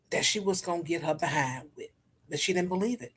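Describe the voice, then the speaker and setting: Chatty animated woman host. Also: a little fast, husky. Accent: African American English. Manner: chatty and animated, with sudden jumps in pitch. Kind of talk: casual chat.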